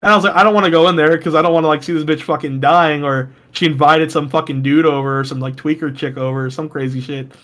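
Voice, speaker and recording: This young man has a high voice for a guy. He tells rough, profane stories in a casual podcast chat, and his voice leaps up whenever he acts out what someone said. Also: fast talker, few pauses. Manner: profane, animated storytelling that jumps high when quoting. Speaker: podcast co-host.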